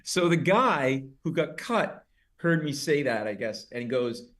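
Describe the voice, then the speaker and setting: During an interview, a middle-aged man who's a comedian guest tells a funny story at a brisk clip. He's expressive, switching to loud, high-pitched voices each time he quotes someone.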